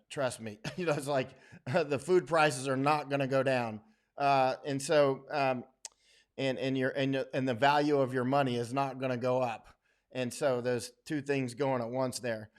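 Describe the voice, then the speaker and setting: A man's voice: medium pitch, fairly even intonation, unhurried. Blunt, opinionated man. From United States. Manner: blunt and opinionated, trailing off quieter at phrase ends. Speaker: livestream host. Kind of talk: casual livestream talk.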